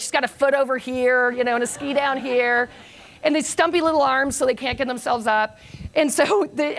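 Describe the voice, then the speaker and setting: Gravelly-voiced older woman giving a keynote. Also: sits high. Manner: animated, self-mocking storyteller. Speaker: keynote speaker. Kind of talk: motivational conference talk.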